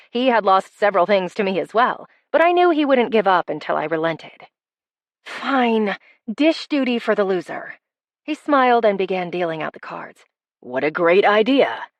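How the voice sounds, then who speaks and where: A woman narrating a first-person romance audiobook with wry, expressive delivery. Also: medium pitch, dry recording.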